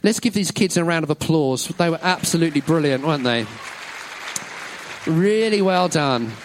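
A man's voice: on the high side, animated, normal speed, slight background noise. A man leading a children's talk in a church service, upbeat and encouraging, praising every answer. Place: church hall with an audience.

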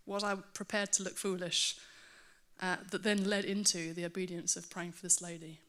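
A woman preaching a sermon to her church, earnest and animated, with self-mocking asides. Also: on the low side, moderate pace.

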